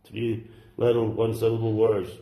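A man preaching a sermon to a congregation, fervent and exclaiming, dropping at times to soft, low asides. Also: little pitch movement, normal speed, reverberant, phone-quality sound. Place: church service.

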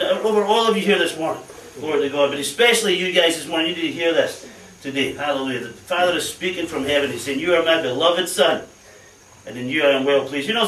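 A man preaches a fervent sermon to a congregation, sprinkling in amens and hallelujahs. His voice sits high and sounds bright. It carries from some distance off the mic and echoes through a roomy church hall. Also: a little hiss or hum.

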